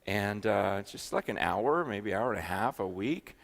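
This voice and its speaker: A man preaching a sermon, telling a story with many restarts and moving from hushed, low passages to loud, excited ones. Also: normal speed, vocal fry. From United States. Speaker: pastor.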